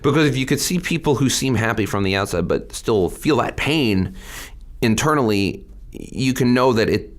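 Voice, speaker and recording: A man's voice: mid-range voice, expressive, moderate pace. A middle-aged man, a state representative, telling his story candidly in a podcast interview.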